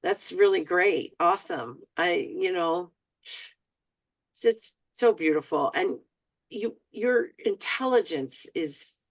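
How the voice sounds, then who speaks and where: A woman's voice: lowish voice, slow. A woman in a casual group conversation who responds with effusive, gushing praise. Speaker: support group member.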